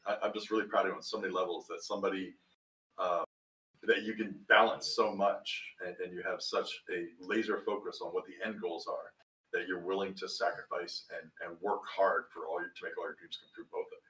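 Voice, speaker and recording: A man hosts a casual chat, heaping earnest praise on his guests and tripping over his own restarts. His voice is low yet bright, and he talks quickly. He sounds a little off-mic, in a room with a lot of echo. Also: distant mic. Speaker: podcast host.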